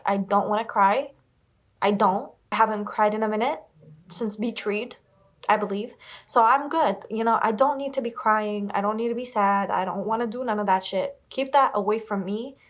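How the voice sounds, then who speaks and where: A young book vlogger chats to camera in a casual reading vlog, her mid-range voice fairly bright and her pace moderate. She rambles and repeats herself emphatically, swearing casually, upset and close to tears.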